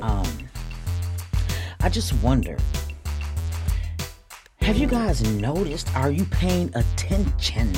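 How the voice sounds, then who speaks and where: An earnest podcast host giving a heartfelt spiritual talk, repeating phrases and calling listeners y'all. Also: medium pitch. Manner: repetitive, drawn-out phrasing.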